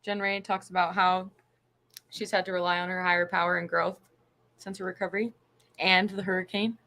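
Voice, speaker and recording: A woman's voice: lowish voice, level tone, fairly quick, bright, forceful tone. A woman co-hosting a talk show, reading out viewer comments a little away from the mic. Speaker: co-host.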